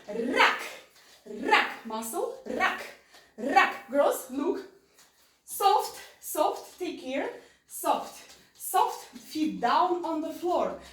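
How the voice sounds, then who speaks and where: Dance instructor, woman, high voice, slow and deliberate, mic set back in an echoey studio. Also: recorded from a distance. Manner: repetitive coaching cues, counting beats. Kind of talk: online dance class instruction.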